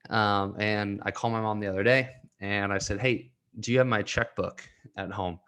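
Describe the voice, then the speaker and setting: A man's voice: on the low side, fairly even intonation, normal speed, hardly any pauses, fairly bright tone. A young man hosting a solo podcast, talking earnestly and getting emotional, laughing through tears at times. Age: young adult. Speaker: podcast host and coach.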